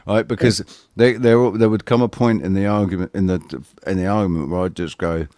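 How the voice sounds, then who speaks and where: A man's voice: on the low side, steady tone, moderate pace, hardly any pauses, a little mellow, no room sound. A man in casual live panel chat, rambling and self-questioning with lots of swearing. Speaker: livestream panelist.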